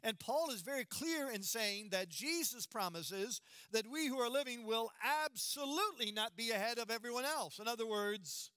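A middle-aged man preaches with a high, bright, ringing voice. He leans hard on key words and keeps asking the congregation questions. The sound is dry and close. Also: lively intonation, normal speed, hardly any pauses, clear, resonant tone, no echo. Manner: emphatic, asks the congregation rhetorical questions. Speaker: pastor. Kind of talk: sermon.

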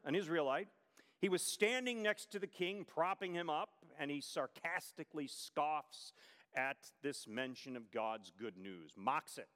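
A high-pitched man preaching a sermon, telling the story with emphatic pacing and pointed rhetorical questions. His voice rings out with a long reverb, as from a large hall. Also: fairly bright tone.

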